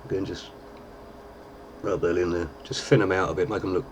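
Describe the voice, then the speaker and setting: A deep-voiced man, chatting casually through a makeup tutorial with plenty of fillers. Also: level tone, brisk, a little hiss or hum. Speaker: lookalike performer giving a tutorial.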